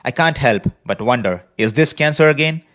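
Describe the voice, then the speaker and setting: A man hosting a podcast, speaking in an earnest, measured personal monologue from a prepared script. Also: mid-range voice, lively intonation, fairly bright tone. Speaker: podcast host. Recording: podcast voice recording.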